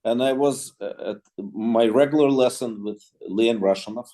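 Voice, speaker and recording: A male clarinetist telling a long anecdote in an interview. His voice is warm and dark at a middle pitch, and he jumps into little quoted exchanges, often restarting his sentences. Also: moderate pace. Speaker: clarinetist guest. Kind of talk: storytelling in an interview.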